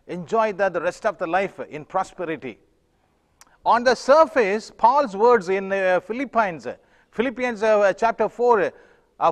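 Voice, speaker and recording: A pastor preaching a sermon in a halting way, with many fillers and restarts. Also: male voice, high-pitched, fairly bright tone, in a large hall.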